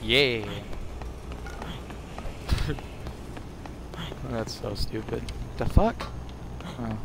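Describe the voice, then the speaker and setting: A man's voice: mid-range voice, drawn-out words, background noise. A young man giving casual, profane, joking commentary to his viewers while he plays a video game. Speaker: gaming video host. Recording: game music loud behind the voice. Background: game music.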